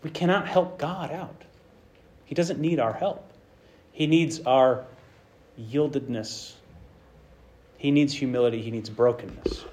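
A man preaching a sermon with passion, swinging between loud bursts and hushed lines and acting out the quotes he tells. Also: mid-range voice, unhurried, pauses often.

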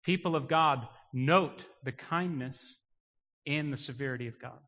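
A man preaching a sermon, swinging from quiet emphasis to loud, rising declarations. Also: mid-range voice, normal speed. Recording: muffled sound with long hall reverb.

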